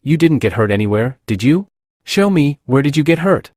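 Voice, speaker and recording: A man reading the lines of an eager, excitable young girl in a comic recap, lifting his pitch a little. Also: normal speed, no echo, studio quality.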